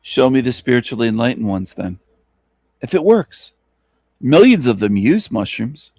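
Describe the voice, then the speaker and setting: A man's voice: medium pitch, very animated, moderate pace, dark tone, no echo. A man hosting an online radio show, ranting scornfully at his listeners with mocking laughs and rhetorical questions. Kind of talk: scornful solo rant.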